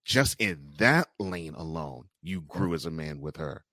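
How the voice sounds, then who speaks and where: A man interviewing a guest, speaking quietly and offering short affirmations. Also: sits low, animated, unhurried, no room sound, clean studio sound.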